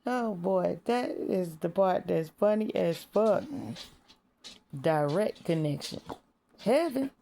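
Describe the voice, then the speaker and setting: A woman delivers a casual spiritual monologue in a low, gravelly, mellow voice. She speaks slowly and bluntly, swears freely, and sometimes drops to a whisper. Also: a little hiss or hum. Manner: blunt, profane, laughs at her own jokes. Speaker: vlogger.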